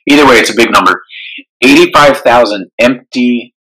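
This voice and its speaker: A man's voice: mid-range voice, pushed and bright, breathy edge, rough recording. A man co-hosting a podcast, talking casually and thoughtfully, often stopping and restarting his sentences. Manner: thoughtful, halting, many restarts. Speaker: podcast co-host. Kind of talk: casual conversation.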